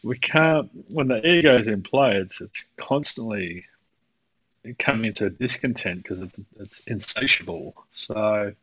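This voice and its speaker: A male coach chats on a podcast in a lowish voice, rambling through stories and laughing often. The sound is dull and lo-fi, recorded close and dry. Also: measured pace, a bit bright, dry recording. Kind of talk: casual podcast conversation.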